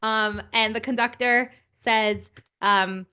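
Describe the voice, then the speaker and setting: A young woman telling an animated story to children, chatty and excitable, with lots of filler words. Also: a little high, moderate pace, clear, resonant tone.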